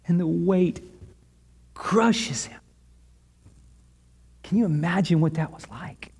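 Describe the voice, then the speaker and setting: A male pastor giving a sermon, retelling a scene dramatically with long pauses and repetition. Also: a little high, vocal fry, a little mellow, husky.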